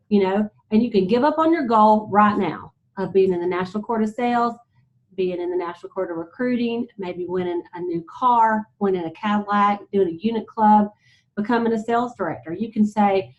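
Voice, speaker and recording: A woman leading a motivational sales team talk, chatty and animated, retelling stories with lots of "you know"s. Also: medium pitch, moderate pace. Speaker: sales director speaking to her team. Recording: slightly dull lo-fi sound.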